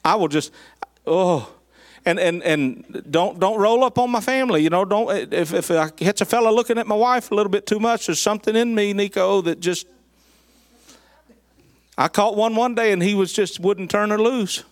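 A man preaching, a folksy, animated storyteller who speaks to his congregation in southern address. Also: high-pitched, moderate pace, no echo. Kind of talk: storytelling sermon.

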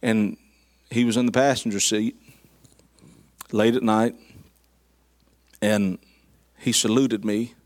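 A man preaching, a folksy, animated storyteller who speaks to his congregation in southern address. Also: on the low side, slow pace, pauses often, no echo. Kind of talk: storytelling sermon.

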